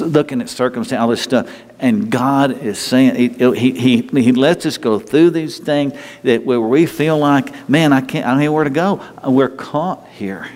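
A man preaching a sermon in an emphatic, conversational way, sometimes jumping into a high, whiny voice to mock complainers. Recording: long hall reverb.

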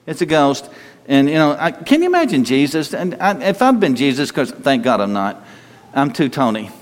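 A man preaching a sermon to a congregation, telling stories in an animated way and moving between loud bursts and quieter stretches. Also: on the high side, moderate pace. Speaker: pastor. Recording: long hall reverb.

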